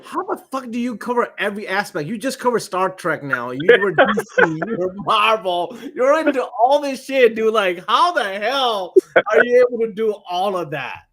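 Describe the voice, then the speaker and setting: Blunt, high-voiced man in his forties. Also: very animated, moderate pace, hardly any pauses, fairly bright tone, a little hiss or hum. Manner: blunt and joking, swears freely. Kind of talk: casual chat.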